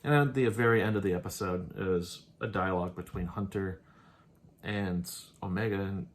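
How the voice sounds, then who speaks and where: There's a slight hiss or hum behind this low-voiced man, who speaks at normal speed. As a host reviewing episodes, he recaps one casually, rambling, laughing frequently, and loosely quoting the characters.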